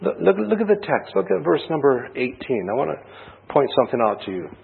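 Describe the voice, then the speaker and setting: A man's voice: fairly high pitch, very animated, fast, gravelly, slightly rough. A man preaching a sermon, telling a personal story in a conversational way and asking rhetorical questions. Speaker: pastor. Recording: tinny phone-like band.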